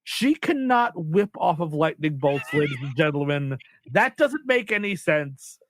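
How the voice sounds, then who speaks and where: A man co-hosting a movie podcast, recapping the plot in an animated, swearing rant. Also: on the high side, measured pace, a little hiss or hum. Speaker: podcast co-host. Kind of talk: casual comedic movie chat.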